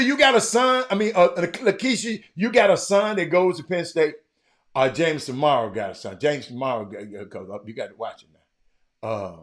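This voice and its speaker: Animated man teasing his viewers. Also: mid-range voice. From Texas. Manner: animated, teasing viewers by name, often shouting. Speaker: livestream host talking sports. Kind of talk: casual live stream chat with viewers.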